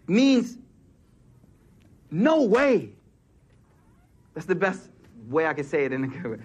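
High-voiced man preaching with casual slang. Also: big pitch swings, a little slow, long pauses, husky. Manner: casual street-slang delivery mixed with Arabic phrases; emphatic, repeats phrases for effect. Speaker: Islamic preacher. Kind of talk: sermon.

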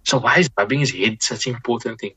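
A man with a husky, slightly breathy voice and a forceful, bright edge. He talks in a measured, reflective way, circling back and repeating words as he gathers his thoughts. His tone leans gently toward preaching. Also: medium pitch, muffled recording. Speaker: Muslim scholar guest. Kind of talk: reflective podcast conversation.

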